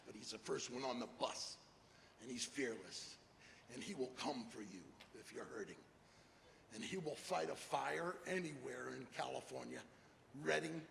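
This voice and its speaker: Bright, gravelly-voiced animated speaker. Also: male voice, medium pitch. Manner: animated storytelling, voices, rhyming slogans. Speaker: keynote speaker. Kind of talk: humorous motivational speech. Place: large hall with an audience. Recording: echoey hall, faint noise.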